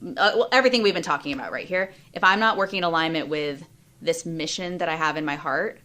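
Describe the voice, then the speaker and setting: A woman in her thirties, a life and business coach, talking openly and emotionally in an interview, with quick bursts of speech and many fillers. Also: low-pitched, sharp tone. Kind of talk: candid interview conversation.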